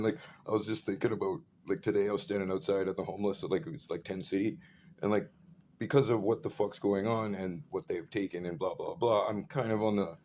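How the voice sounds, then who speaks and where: Man, lowish voice, profane rambling rant, faint background hiss. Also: a little mellow. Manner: profane, rambling, full of fillers.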